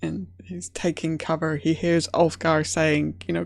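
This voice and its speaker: Woman game master, gravelly voice, lowish pitch, relaxed hesitant narration, dry sound. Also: measured pace, dry recording. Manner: relaxed, hesitant with many fillers. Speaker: dungeon master.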